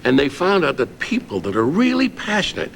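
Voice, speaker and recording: A man's voice: a little high, brisk, gravelly, a little hiss or hum. A man telling an anecdote as a talk show guest, acting out what others said. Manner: animated, acts out quotes. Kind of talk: anecdotal storytelling.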